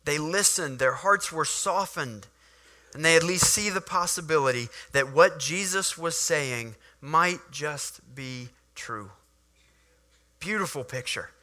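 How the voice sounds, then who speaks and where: A man's voice: sits high, sharp tone. A man preaching a sermon, reading scripture and animatedly acting out the scenes he explains.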